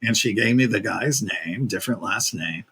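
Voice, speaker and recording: A man in his fifties, a casting director and podcast guest, telling a personal story in a lively, casual way, acting out the people he quotes and using plenty of fillers. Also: lowish voice, normal speed, breathy edge, rough recording.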